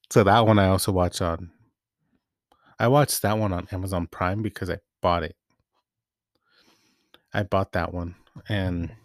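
A man's voice: low-pitched, no room sound, studio quality. A young man giving a casual, rambling movie recap, often correcting himself mid-sentence. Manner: rambling, self-correcting, relaxed. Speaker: movie vlogger.

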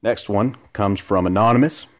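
Answering questions from listeners, this podcast host chats casually from his living room at a moderate pace. His voice is on the low side, and he wanders off topic, cracks jokes and makes fun of himself.

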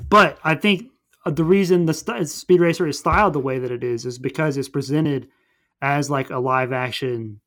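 A young man casually recapping a movie plot in a rambling, animated way, jumping into quick voices for the characters. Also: a little high.

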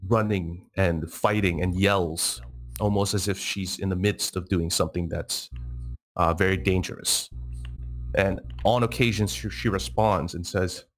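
A man narrating a tabletop game as game master, in a measured way with frequent fillers. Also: deep voice, steady tone.

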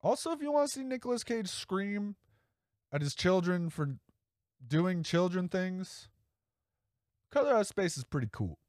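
A man's voice: high voice, lively intonation, normal speed, pauses often, a little mellow, dry recording, studio quality. A man hosting a casual solo podcast, rambling and enthusiastic, with frequent swearing. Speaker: podcast host.

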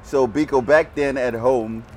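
A man speaking as a guest on a podcast, explaining things slowly in a laid-back, slangy way. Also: medium pitch, steady tone, a crowd in the background. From Zimbabwe. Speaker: guest, music group member. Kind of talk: casual podcast chat.

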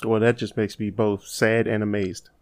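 A man's voice: lowish voice, level tone, normal speed, a little mellow. A man co-hosting a casual podcast, joking and laughing as he retells a story. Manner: laughing, jokey, rises sharply when mimicking. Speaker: podcast co-host.

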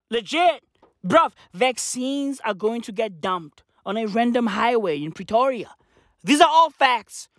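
A woman's voice: mid-range voice, no room sound, clean studio sound. A woman, a podcaster, ranting casually with lots of swearing and slangy repetition. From South Africa.

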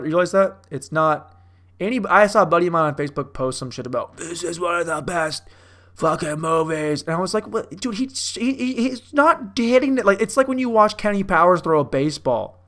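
Slightly high and fairly bright, a young man's voice carries loose, rambling commentary about movies. He curses and pokes fun at himself the way a comedian does a bit.

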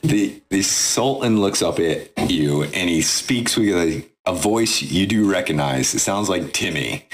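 Slow, relaxed low-voiced game master man. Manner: relaxed, halting, many restarts. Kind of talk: narrating a tabletop game.

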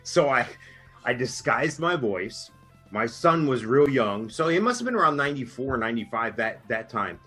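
A man's voice: medium pitch, very animated, moderate pace, sharp tone, breathy edge, faint music behind. Chatty middle-aged man telling a story. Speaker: podcast co-host. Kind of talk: casual storytelling chat.

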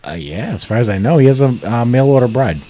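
A man co-hosting a podcast, swearing freely and teasing with deadpan exaggeration. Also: mid-range voice, fast. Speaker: podcast co-host. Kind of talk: casual podcast banter.

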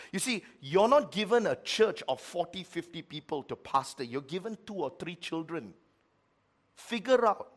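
A middle-aged man preaching a sermon as pastor, with lively swings between loud, emphatic lines and quiet ones. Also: a little high.

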